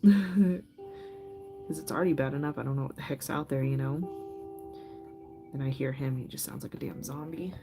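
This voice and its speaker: A woman's voice: a bass voice, normal speed, long pauses. A middle-aged woman hosting a craft livestream, chatting casually with viewers, laughing often and telling loose stories full of fillers. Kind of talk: casual chat with live viewers. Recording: faint music behind.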